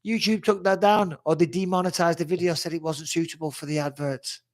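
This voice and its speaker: A man's voice: fairly high pitch, steady tone, fairly quick. A man in his forties hosting a live fan chat, reading out fan questions and answering in a blunt, chatty way, swearing freely and sounding like he's getting over a cold. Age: 40s. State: recovering from a cold-like illness.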